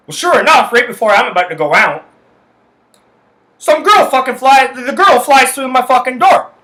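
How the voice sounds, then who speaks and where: A man's voice: high voice, sing-song, fast, pushed and bright. A man hosting a solo podcast, telling a story in a heated, profane rant full of swearing. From Canada. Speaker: podcast host. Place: his house.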